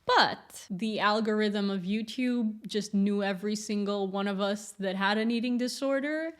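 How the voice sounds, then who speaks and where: A woman's voice: medium pitch, moderate pace. Young woman, YouTuber, casual commentary, blunt, candid, laughs often.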